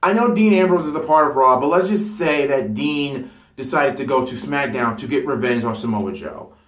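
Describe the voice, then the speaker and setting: Excitable rambling man, echoey room. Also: mid-range voice, moderate pace. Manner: rambling, excitable, filler-heavy, self-correcting. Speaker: wrestling fantasy-booking vlogger. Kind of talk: casual unscripted monologue. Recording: roomy echo.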